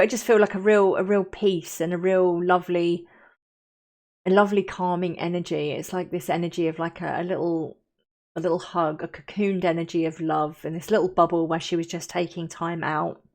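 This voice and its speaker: Woman kinda low voice, soft and rambly, lots of um and restarts, dreamy vibe. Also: steady tone, moderate pace. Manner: soft, hesitant, many fillers and restarts; gentle and dreamy, lingering on feelings. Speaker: medium recounting a channeling session. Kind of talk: casual spoken recollection.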